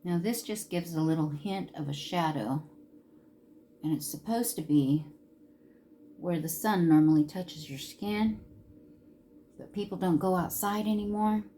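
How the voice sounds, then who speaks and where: A woman's voice: on the low side, measured pace, long pauses, mellow, a little hiss or hum. A woman in her fifties chatting casually while doing her makeup, rambling through stories and chuckling often. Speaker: beauty vlogger.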